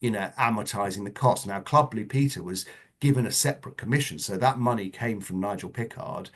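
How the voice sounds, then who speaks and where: Chatty middle-aged man, fairly low voice. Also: fairly quick. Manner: chatty anecdotal storyteller, lively asides. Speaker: interview guest, former children's TV producer. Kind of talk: casual conversational interview.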